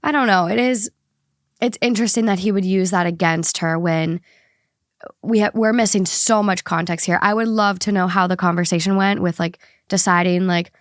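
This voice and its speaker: A woman's voice: medium pitch, fairly even intonation, moderate pace, no echo. Young woman podcast host, casual and chatty, close dry mic. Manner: chatty, reads posts aloud steadily. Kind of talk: casual podcast chat and story reading.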